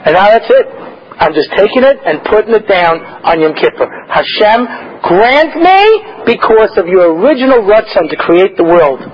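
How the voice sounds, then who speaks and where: A man who is a rabbi, teaching a Torah class through humorous storytelling, animated and joking with sudden emotional swells. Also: sits high, moderate pace, breathy edge, muffled recording.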